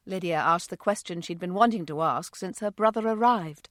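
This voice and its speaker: A woman narrating an audiobook in a smooth, expressive reading voice. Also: lowish voice, moderate pace, hardly any pauses, no room sound, studio quality. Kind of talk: scripted narration.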